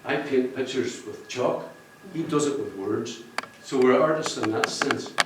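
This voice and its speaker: A man's voice: medium pitch, measured pace, a little hiss or hum. Man speaking in an echoey room. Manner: jokey, rambling, laughs at his own jokes. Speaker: book cover artist speaking at a launch. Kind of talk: public speech to an audience. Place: function room with an audience. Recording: echoey room, distant mic.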